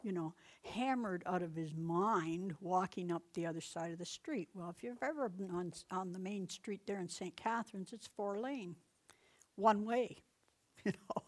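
A woman's voice: lowish voice, measured pace. A middle-aged woman giving casual Bible teaching, telling personal stories in a chatty way, laughing often and raising her voice for commands. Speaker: Bible teacher and deliverance minister.

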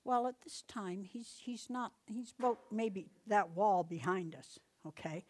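A middle-aged woman leads a relaxed Bible teaching, mixing scripture with stories from her own life. She talks in a chatty, easygoing way at a middle pitch, laughs often, and turns suddenly loud and firm when she gives commands. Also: unhurried. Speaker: Bible teacher and deliverance minister.

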